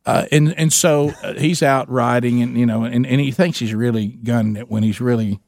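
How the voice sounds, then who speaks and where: Gravelly radio host telling a story. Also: male voice, mid-range voice, normal speed, dry recording. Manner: animated, stumbling retelling with many restarts. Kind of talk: storytelling on a talk show.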